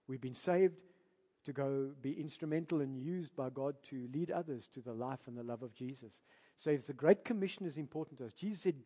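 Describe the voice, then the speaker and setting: A man with a South African accent preaching a sermon as a pastor, emphatic and animated, firing rhetorical questions at his congregation. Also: on the high side, a little fast, breathy edge. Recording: long reverb of a large hall.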